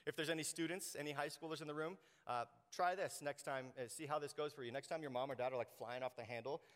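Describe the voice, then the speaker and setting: A man preaching a sermon to his congregation, animated and joking, acting out quoted voices. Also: a little high, fast. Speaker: pastor. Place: church sanctuary. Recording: long hall reverb.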